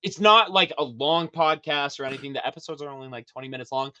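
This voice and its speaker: A man as a podcast guest in casual chat, animated and profane, laughing often. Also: on the high side, fast talker, clear, resonant tone, lo-fi sound.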